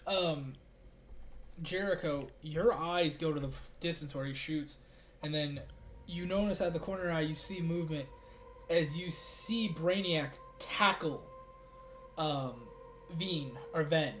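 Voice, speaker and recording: A man's voice: a little high, a little slow, a bit bright, soft background music. A man narrating as game master in a casual, easygoing way.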